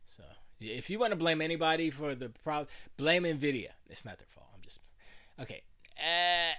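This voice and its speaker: A man's voice: a little high, sing-song, moderate pace, pushed and bright. A self-described old man hosting a live stream from his home studio, chatting and rambling with many restarts. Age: older. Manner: rambling, full of restarts and playful voices. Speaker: livestream host. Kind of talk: casual livestream chat.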